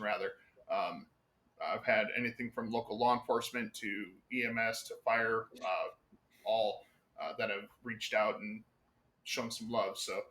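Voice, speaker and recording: A man's voice: fairly low pitch, pushed and bright. Rambling man telling stories. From United States. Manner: rambling, many fillers, casual swearing. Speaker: guest. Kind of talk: casual chat, storytelling.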